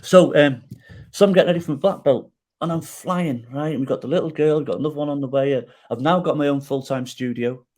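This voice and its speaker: A middle-aged man telling his personal story as a podcast guest, animated and emotional, with many restarts and self-deprecating jokes. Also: on the high side, fast.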